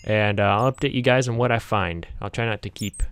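A man hosts a gaming channel, talking straight to his viewers in casual commentary as he plays. His voice is lowish, smooth, and a little fast, with soft music in the background, and he startles easily, yelping and laughing.

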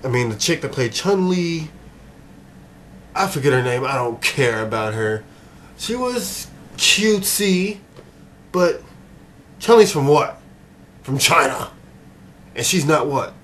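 A man's voice: mid-range voice, lively intonation, a little slow, long pauses. Ranting man reviewing a film, noisy recording. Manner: exasperated, swings between muttering and shouting. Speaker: movie reviewer.

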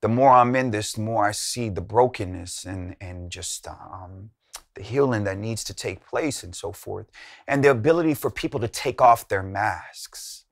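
A man's voice: moderate pace, creaky, no echo, clean studio sound. A man host recounting a personal story in a casual, slangy way, full of fillers and retold dialogue. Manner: casual, many fillers and slang, retells dialogue with rising pitch. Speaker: youth minister and show host.

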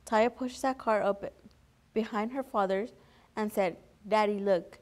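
A woman's voice: a little high, measured pace, darkish tone. A young woman reading a children's picture book aloud as a volunteer, earnest, with small slips and restarts. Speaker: volunteer story reader.

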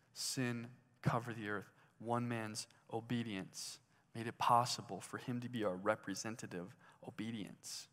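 Slow-speaking male preacher in a hall. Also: mid-range voice. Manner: conversational, asks the listeners questions. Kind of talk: sermon. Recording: hall reverb.

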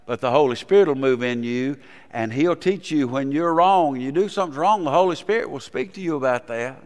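A man's voice: mid-range voice, fairly quick. A man, a pastor preaching a sermon in a folksy storytelling manner and putting questions to the congregation. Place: church sanctuary. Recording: long reverb in a church sanctuary.

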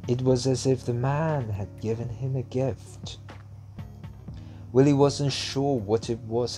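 Man, storybook narration, measured, low pitch, warm dark tone, very slow. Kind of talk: scripted narration of a children's story.

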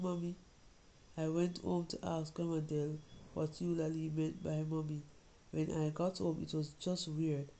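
A woman's voice: deep voice, vocal fry, mellow, poor audio. A woman reading a story as an anxious young Jamaican girl, confiding and pleading with her mother. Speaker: reader of a short story.

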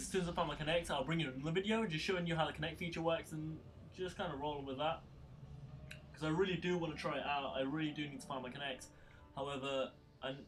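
A young gaming YouTuber with a slightly high voice rambles casually through gameplay commentary, sounding tired and swearing when things go wrong. Loud game music and sound effects play behind him, and there's a little hiss or hum.

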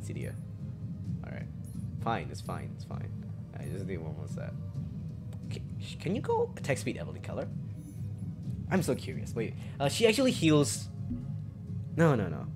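Male streamer, mid pitch, very animated delivery, loud swearing bursts between low mutters, music underneath. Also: unhurried, pauses often. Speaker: game streamer. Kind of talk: live gameplay commentary. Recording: music playing behind the voice.

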